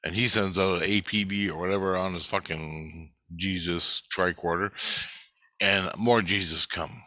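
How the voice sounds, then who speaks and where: A man's voice: low-pitched, fairly even intonation, unhurried, sharp tone, dry recording. A man casually telling a long, rambling personal story, swearing often and jumping between thoughts. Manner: profane, restless, digressive. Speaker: vlogger recounting spiritual experiences.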